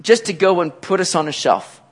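Male pastor, sermon delivery, bright high register, swings up and down constantly. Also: moderate pace, breathy edge. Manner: animated preaching with shouted acted-out quotes.

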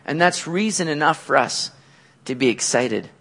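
Man, pastor, sermon, high voice, very animated pitch, acting out quotes. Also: normal speed, creaky. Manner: animated preaching with shouted acted-out quotes.

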